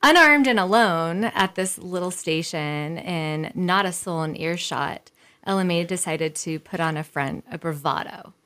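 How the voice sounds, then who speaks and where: A woman co-host reading a history story aloud in a lively way, stopping now and then to joke. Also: fairly low pitch, a little slow. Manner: lively, breaks off to joke and laugh.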